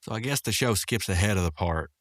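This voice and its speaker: A man's voice: on the low side, expressive, brisk, no room sound, studio quality. A man hosting a podcast, casually recapping a cartoon episode, rambling with lots of fillers and restarts. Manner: rambling, full of fillers and restarts, quotes characters in raised voices.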